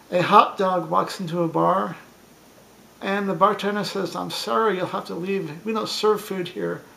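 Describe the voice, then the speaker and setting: A man's voice: high-pitched, creaky, sharp tone, rough recording. A man reading a string of clean bar jokes in a plain storytelling way, with small stumbles and restarts. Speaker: joke teller.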